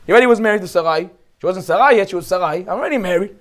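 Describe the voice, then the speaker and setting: A Brooklyn rabbi with a Brooklyn accent teaches a lively Torah class, joking and firing off rhetorical questions. His male voice sits high and moves very fast.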